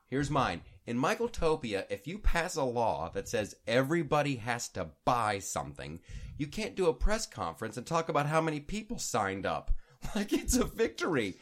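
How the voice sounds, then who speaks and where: A man's voice: a little high, huge pitch swings, moderate pace, a bit bright. A man hosting a casual political talk show, joking and acting out quoted people with bursts of laughter. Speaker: podcast host.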